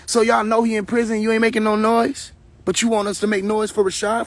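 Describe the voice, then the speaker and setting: Here a male livestream host speaks quite quickly in a high, level-toned voice with no echo, using his phone. His heated, casual rant lectures and provokes, laced with profanity and phrases said again and again.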